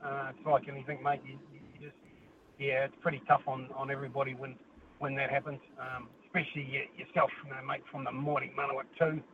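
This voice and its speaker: A man's voice: medium pitch, level tone, fast. A man from New Zealand with a New Zealand accent, calling in to a sports radio show and rambling, with "mate" in most lines. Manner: rambling, says "mate" often. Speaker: caller. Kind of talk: talkback call. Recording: tinny phone line with faint noise.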